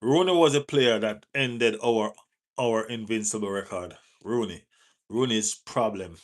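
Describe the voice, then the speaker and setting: A man with a Jamaican accent hosting a live football stream, answering viewer chat in relaxed patois-tinged talk and urging viewers to like the page. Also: on the low side, a little slow. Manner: reads out and answers viewer chat, teases, urges likes. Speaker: football livestream host.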